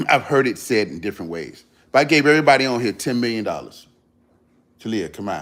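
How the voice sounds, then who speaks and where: A man's voice: medium pitch, animated, fairly quick, fairly bright tone. A man hosting a livestream, giving an earnest motivational talk to his viewers, repeating his points for emphasis in casual slang. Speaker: livestream host.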